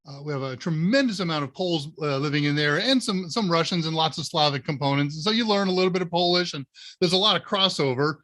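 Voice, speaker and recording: A man's voice: fairly high pitch, fast talker, fairly bright tone. A man from Northern Ohio hosting a live Q&A stream, telling rambling, anecdotal stories in a casual way, with plenty of "uh"s along the way. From Northern Ohio, USA. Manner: rambling anecdotal storyteller with many fillers. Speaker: live Q&A show host.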